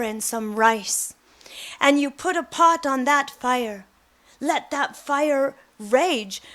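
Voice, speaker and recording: A middle-aged woman giving a devotional talk, telling personal stories and acting out the quotes. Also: sits high. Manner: animated storytelling, acts out quotes. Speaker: devotional speaker.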